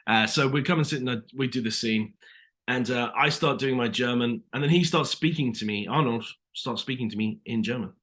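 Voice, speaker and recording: A British man with a bright, forceful voice tells stories as an interview guest, talking loosely and filling gaps with little asides. He speaks over a video call. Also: mid-range voice, fairly quick. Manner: chatty, lots of "you know" asides. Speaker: actor guest. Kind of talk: casual interview storytelling.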